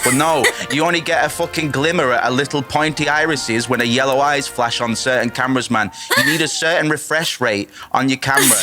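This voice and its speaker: A man's voice: mid-range voice, sharp tone, faint music behind. A man co-hosting a comedy podcast, going on profane, rambling rants that end lines with "man". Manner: profane, ranting, drawn-out "man" at line ends. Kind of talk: improvised comedic rant.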